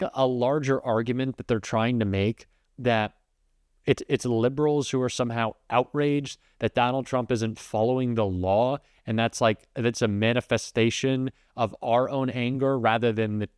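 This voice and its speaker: A man giving casual political reaction commentary in a loose, fast way, with many restarts and fillers. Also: medium pitch, darkish tone, clear, resonant tone, dry recording, clean studio sound.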